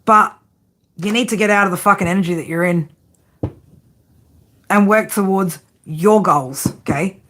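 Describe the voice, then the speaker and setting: A woman giving a tarot reading, blunt and profane, often tagging her points with a quick "right?". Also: medium pitch, fairly bright tone. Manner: frank tough-love delivery. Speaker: tarot reader.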